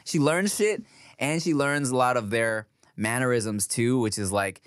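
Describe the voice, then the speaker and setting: A man chatting casually as a podcast co-host, relaxed and storytelling, often quoting his little daughter in a high voice. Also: measured pace, smooth, no room sound, studio quality. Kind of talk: casual crude chat.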